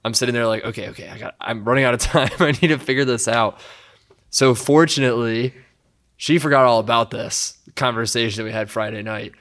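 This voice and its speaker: A young man telling a story in casual conversation, animated and often laughing. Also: medium pitch, brisk. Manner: animated, laughs a lot while telling stories.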